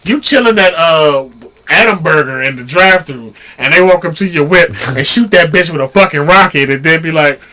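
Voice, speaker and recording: Lively high-voiced man, bright and animated. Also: fairly quick. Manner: animated, laughing, teasing. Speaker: podcast co-host. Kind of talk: casual banter.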